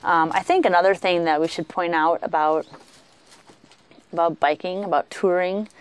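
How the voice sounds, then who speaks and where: A woman co-hosting a podcast, telling travel stories in a chatty, animated way with lots of fillers. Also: on the low side, moderate pace, clean tone. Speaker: podcast co-host. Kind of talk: casual travel storytelling.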